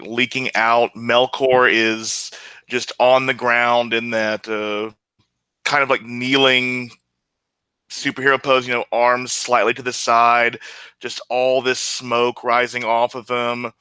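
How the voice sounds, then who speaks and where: Bright-sounding guy playing in a tabletop game, hesitant, lots of "like". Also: medium pitch, clear, resonant tone, dry recording, poor audio. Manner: hesitant, many fillers. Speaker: player. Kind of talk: tabletop role-play.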